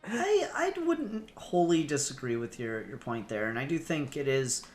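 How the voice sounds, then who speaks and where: A man co-hosting a podcast in casual chat, animated, acting out bits in quick bursts. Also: medium pitch, faint music behind. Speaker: podcast co-host.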